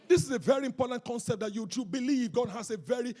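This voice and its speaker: A pastor preaching a rousing sermon at a church service, calling out to the congregation and often shouting. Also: male voice, very high-pitched, fast talker, hardly any pauses.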